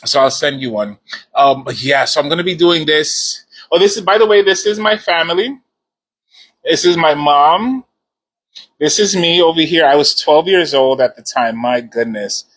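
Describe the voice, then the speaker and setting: A man with a slightly high, bright and forceful voice talks to viewers in a casual live stream. He is encouraging and repeats his points for emphasis. He is speaking into a phone. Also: normal speed, poor audio.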